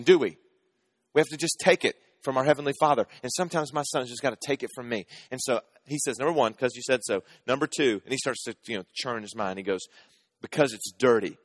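A man's voice: on the high side, fast talker, a bit bright, dry recording. A man in his thirties preaching a sermon, telling family stories in a conversational, humorous way and asking the audience questions. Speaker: pastor.

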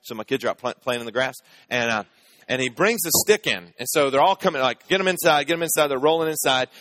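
A male pastor in his thirties preaches with a chatty, humorous storytelling manner, often putting questions to his listeners. His voice sits at a middle pitch and is recorded dry and close. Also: animated, quick pace, fairly bright tone, no room sound. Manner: conversational storytelling, humorous, asks the audience. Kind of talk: sermon.

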